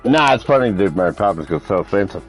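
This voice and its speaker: Talking very fast and animated in a voice on the low side, a man streams a multiplayer game while faint music plays. He chats crudely and casually with friends, teases them, and rambles through stories.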